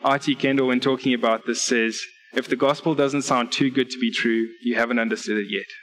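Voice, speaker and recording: Male preacher in a church service, delivering an earnest sermon with scripture readings and clear numbered points. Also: medium pitch, steady tone, brisk, fairly bright tone, rough recording. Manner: earnest, direct appeals to listeners.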